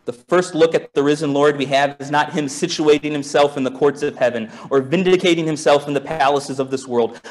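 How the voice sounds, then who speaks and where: Conversational pastor preaching, soft to fervent. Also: male voice. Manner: conversational, musing, with many restarts and rhetorical questions; swings from soft and low to raised and intense. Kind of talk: sermon.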